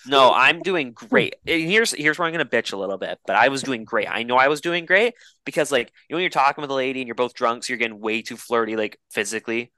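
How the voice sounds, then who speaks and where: A man's voice: mid-range voice, expressive, fast talker, hardly any pauses, bright, forceful tone, no room sound. A man in his twenties, a podcast co-host, telling a rambling, profane dating story in casual chat. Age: 20s.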